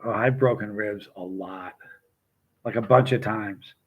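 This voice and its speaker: A man's voice: lowish voice, measured pace, breathy edge, narrow, tinny audio. Middle-aged man, loose storyteller; trips over his own sentences and talks straight to his viewers. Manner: rambling, self-interrupting, addresses viewers by name. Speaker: vlogger chatting with live chat. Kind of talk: casual rambling storytelling.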